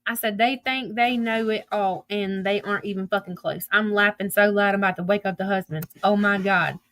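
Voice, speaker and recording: A woman's voice: medium pitch, steady tone, a little fast, fairly bright tone, no room sound. A woman streaming casual commentary, reading text messages aloud in a profane, gossipy way and laughing often. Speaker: social media streamer.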